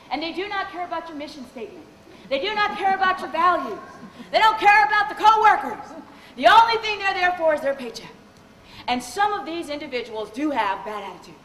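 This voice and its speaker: A woman, a lawyer and corporate trainer, giving a lively live training talk and questioning the audience. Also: high-pitched, a little fast, a little hiss or hum. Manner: animated, engages the audience with questions. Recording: echoey hall with long reverb.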